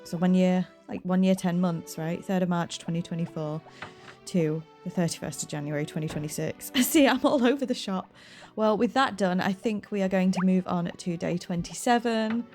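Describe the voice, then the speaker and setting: A woman's voice: on the low side, fairly even intonation, normal speed, mellow, faint music behind. A woman hosting a game playthrough, chatting casually, often laughing and close to tears. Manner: chatty, giggly, flustered. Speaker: gaming channel host.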